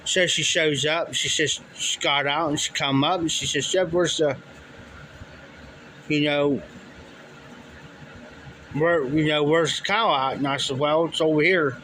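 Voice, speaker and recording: Man, casual storyteller, rambling, fairly high voice, bright tone. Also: steady tone, a little slow, pauses often, slight background noise, poor audio. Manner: rambling, repeats "he says" and "I said" often. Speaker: livestream storyteller. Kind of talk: casual spoken anecdote.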